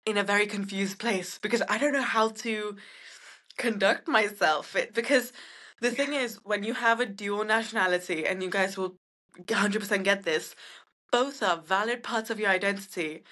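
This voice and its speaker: A young woman from India speaks with a British accent, her first language being Marathi. Her voice is bright and clear, and she talks earnestly and thoughtfully as a podcast guest, often restarting her sentences. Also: mid-range voice, moderate pace. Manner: earnest, reflective, many restarts. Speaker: guest, content creator. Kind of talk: casual podcast conversation.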